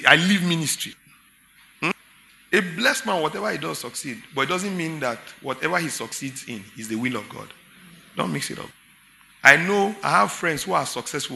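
A man's voice: a little high, creaky, sharp tone, a little hiss or hum. A Nigerian man preaching a sermon as pastor, emphatic and full of rhetorical questions to his congregation.

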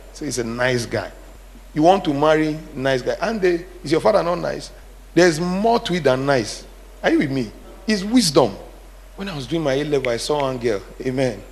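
A man's voice: fairly high pitch, creaky. A middle-aged man preaching a sermon, asking the congregation questions and building to emphatic repeated phrases. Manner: call-and-response preaching, rising to emphatic repetition. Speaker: pastor.

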